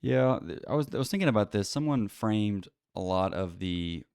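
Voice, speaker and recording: A man's voice: on the low side, animated, moderate pace, a little mellow, clean tone, no room sound, clean studio sound. A man hosting a solo talk show, rambling bluntly with many fillers and restarts. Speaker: podcast host. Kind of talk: casual solo commentary.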